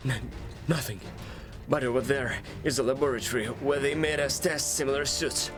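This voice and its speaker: An actor playing a frightened young freed prisoner in a video game, speaking hesitantly with stammers. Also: male voice, medium pitch, fairly even intonation, normal speed, over music, close to an everyday voice. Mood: nervous.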